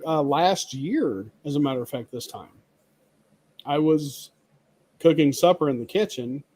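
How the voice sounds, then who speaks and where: A man's voice: mid-range voice, darkish tone. A man co-hosting a casual chat, telling stories in a rambling way full of fillers. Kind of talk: casual storytelling.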